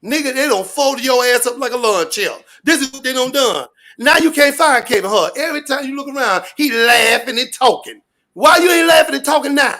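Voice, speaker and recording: A man ranting loudly and profanely in street slang, rambling and repeating his catchphrases. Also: very high voice, animated, a little fast. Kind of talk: animated rant to an interviewer.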